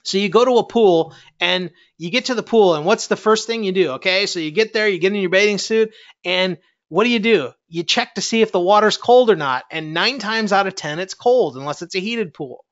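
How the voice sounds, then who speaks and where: A man's voice: high voice, fairly quick, a bit bright, highs cut off. A middle-aged man, a network marketing coach, giving a fiery, preachy motivational talk and challenging his listeners.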